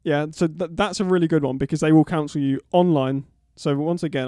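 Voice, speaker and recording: A man's voice: on the high side, fairly even intonation, moderate pace, few pauses, mellow, dry recording, studio quality. A young man co-hosting a casual podcast chat, agreeable and a little hesitant, with restarts. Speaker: podcast co-host.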